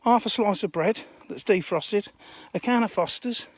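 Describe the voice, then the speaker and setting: A man's voice: high voice, moderate pace, a little hiss or hum. A man chatting casually and swearing a little as he talks to viewers on a live stream, outdoors by a fishing lake, on a phone held in his hand. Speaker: fishery owner streaming live.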